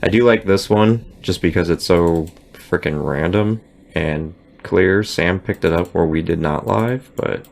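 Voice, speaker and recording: A man's voice: deep voice, unhurried, vocal fry. An American man hosting a podcast, talking casually and loosely with plenty of fillers. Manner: relaxed, with frequent fillers. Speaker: podcast host. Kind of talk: casual podcast chat reviewing evidence.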